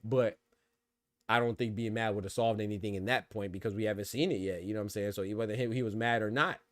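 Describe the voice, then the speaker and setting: A man's voice: fairly low pitch, steady tone, fast, dry recording. A man hosting a boxing podcast, talking in a loose casual way and often saying "bro" and "you know what I'm saying". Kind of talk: casual chat reacting to live chat.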